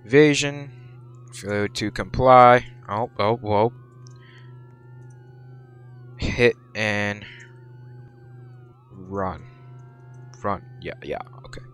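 A man's voice: on the low side, very slow, long pauses, fairly bright tone, smooth. A young man giving gameplay commentary while role-playing a police officer, barking orders and exclaiming in surprise. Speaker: gameplay video creator.

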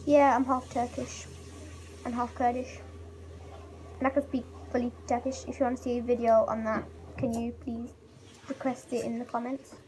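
Chatty high-voiced woman vlogging. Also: level tone, normal speed, pauses often, a little mellow, slight background noise. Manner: chatty and rambling, with many fillers. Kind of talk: casual taste-test vlog.

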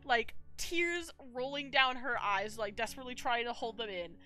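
A woman's voice: a little high, moderate pace, soft background music. A woman streamer chatting casually and telling a rambling story, with plenty of fillers and restarts. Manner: animated, rambling, lots of fillers and self-corrections.

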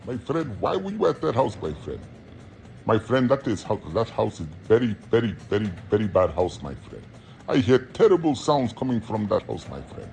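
A man's voice: fairly low pitch, very animated, moderate pace, gravelly, dark tone, faint music behind, pitched below the performer's own voice. A man playing a nervous middle-aged male rideshare driver who talks in a repetitive, earnest way. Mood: fearful. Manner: repetitive, earnest, keeps saying "my friend". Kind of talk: comedy skit character.

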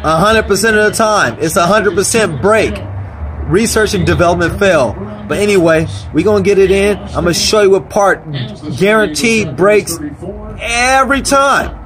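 A man's voice: sits high, normal speed, a crowd in the background. An angry man talking casually as he repairs electronics on camera, swearing constantly and rambling. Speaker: vlogger repairing a console power supply. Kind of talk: profane casual repair vlog.

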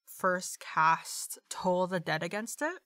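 A woman playing in a tabletop game, hesitant and full of pauses. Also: fairly low pitch, expressive, fairly bright tone, no echo, clean studio sound. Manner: hesitant, many ums. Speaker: player. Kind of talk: casual play talk.

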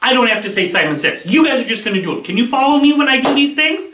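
A man leads a children's Bible lesson with lively, swooping pitch and a bright, forceful tone. He sounds upbeat and playful as he calls out game commands. The voice sits back from the mic in a roomy, echoing space. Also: very fast. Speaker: children's ministry teacher. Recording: echoey room, voice from a distance.

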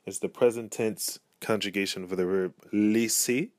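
Male tutor for an alphabet lesson: low-pitched, unhurried, repeats every example, dry recording. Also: fairly even intonation, dry recording. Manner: slow, careful, repeats each word twice. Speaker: language teacher.

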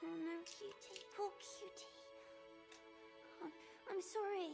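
A wife turned into a tiny doll in a video game. She coos and coaxes in a very high, thin voice. Game music plays under her. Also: steady tone, takes it slowly, vocal fry, full character voice. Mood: cooing. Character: wife shrunk into a small doll. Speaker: game character.

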